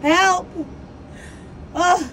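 A woman's voice: very high-pitched, steady tone, drawn-out words, a bit bright, slight background noise, low-quality recording. A woman rehearsing a comic persona, talking in a theatrical, profane way with mock outrage. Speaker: comedic performer.

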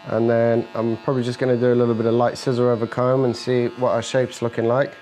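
This barber's voice sits at medium pitch, mellow and level, and he talks fast while describing the haircut he's giving. His manner is easygoing and instructive, with jokes for the client; clippers buzz indoors, faint music plays, and the audio quality is poor.

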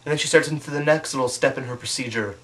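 Young male comic, deadpan storytelling, mid-pitched, mocking asides. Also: fast. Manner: deadpan storytelling, mocking, with put-on voices for quotes. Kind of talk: comic monologue.

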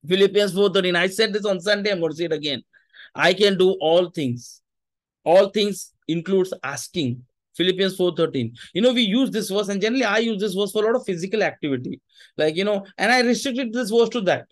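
High-voiced man preaching a sermon. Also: brisk, dry recording. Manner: conversational preaching, mixing in Hindi asides. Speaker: pastor.

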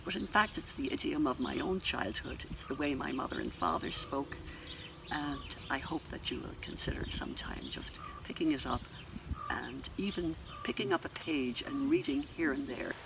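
A man hosting a reading event and introducing it in an unhurried way. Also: mid-range voice, animated, vocal fry, noisy background. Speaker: event host. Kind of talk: casual introduction.

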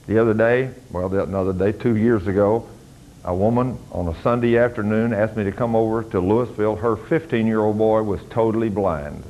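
An older man, preaching a sermon as a pastor and rising to loud, fervent commands. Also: on the low side, expressive, fairly quick, muffled recording.

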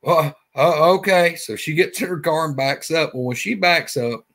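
In a fairly high, slightly bright voice at normal speed, a man with a Southern Alabama accent spins a casual story. He's a guest, and his telling is folksy and rambling, with repetition.

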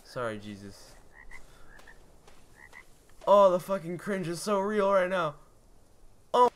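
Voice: medium pitch, big pitch swings, slow pace. Panicky, shrieking gamer swearing through a horror run. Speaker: let's play gamer. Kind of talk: live gameplay commentary.

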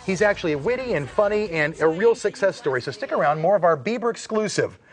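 A middle-aged man hosting a TV entertainment segment, talking in a playful, animated way. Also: high-pitched, fast talker. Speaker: TV entertainment host.

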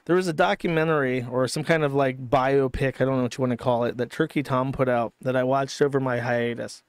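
A man's voice: medium pitch, steady tone, brisk, clean tone, no room sound, studio quality. A man hosting a commentary stream, talking in a casual, profane and sardonic way. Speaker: streamer host.

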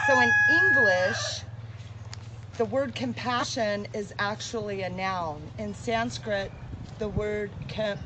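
A woman who co-founded an animal sanctuary speaks earnestly and with deep gratitude, then talks outdoors at the sanctuary. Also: background noise. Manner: emotional, grateful, earnest. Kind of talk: heartfelt address, then outdoor tour.

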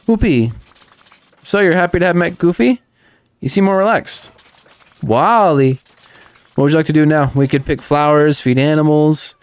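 A man commenting excitedly on a cozy video game, talking sweetly to the characters. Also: a little high, moderate pace, pauses often, dry recording, soft background music. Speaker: gaming channel host. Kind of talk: let's play commentary.

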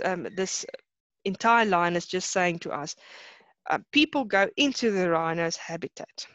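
A woman teaches a class over a video call. She explains a poem slowly and hesitantly, and she often repeats words as she searches for them. The sound is dull and dry, like a computer microphone. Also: fairly low pitch, a bit bright, no room sound. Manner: explains slowly, mixing in Afrikaans terms. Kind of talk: online lesson explaining a poem.

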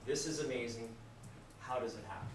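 A man lecturing a class. He is animated, asks the students questions, acts out examples, and repeats simple phrases for language learners. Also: medium pitch, fairly quick. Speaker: university lecturer. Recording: distant, very echoey classroom with noise.

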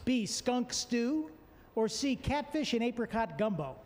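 High-voiced jokey game show host, a man. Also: measured pace, in a large hall. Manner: jokey, energetic, plugs the sponsor repeatedly. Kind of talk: lively game show hosting.

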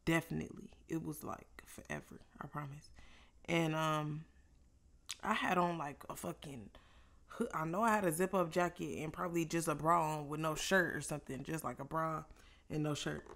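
A woman vlogger telling a casual story while eating, loose and profane, with animated reenacted exchanges. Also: low voice, normal speed, creaky.

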